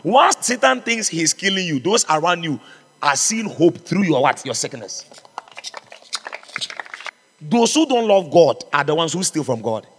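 A man's voice: on the high side, sing-song, unhurried, long pauses, in a large hall, background noise. A man preaching a sermon as pastor, fervent and exhorting, calling out to his congregation. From Ghana.

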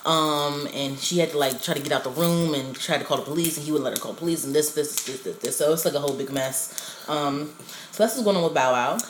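Woman, lowish voice, casual gossip chat, animated storyteller, lots of fillers, echoey room. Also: fast. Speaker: co-host. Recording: echoey room with faint noise.

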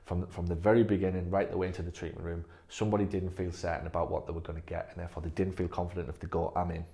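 Very low-voiced blunt man. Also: level tone, rapid-fire, gravelly, dark tone. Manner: blunt, emphatic, swears freely. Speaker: clinic owner leading staff training. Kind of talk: staff training talk. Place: physio clinic room.

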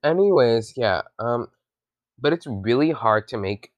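A man's voice: mid-range voice, lively intonation, normal speed, no echo. A man casually reading a science article aloud with his own commentary, often stumbling, rereading and correcting himself.

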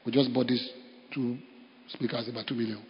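A man with a Nigerian accent, a pastor preaching a sermon with animated storytelling and bursts of laughter. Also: mid-range voice, brisk. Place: church. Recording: dull sound in a reverberant hall.

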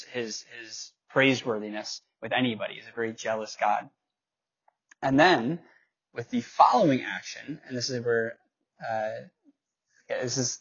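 A man's voice: medium pitch, breathy edge. A young man teaching a Bible class in a loose, conversational way, reading scripture aloud and correcting his own slips. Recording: dull lo-fi recording.

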